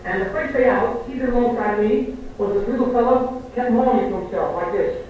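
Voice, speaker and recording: A woman's voice: fairly high pitch, a little fast, a little mellow. A woman comedian and singer telling brash dialect jokes in a stage monologue. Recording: old archival recording, echoey, distant, muffled and hissy.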